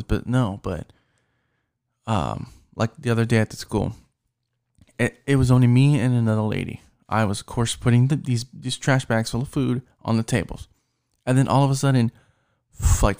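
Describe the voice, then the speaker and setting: A man's voice: mid-range voice, vocal fry, a little mellow, no echo, clean studio sound. A young man venting in a casual, profane rant about his job, rambling and frustrated, restarting his sentences as he goes. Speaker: vlogger venting about work.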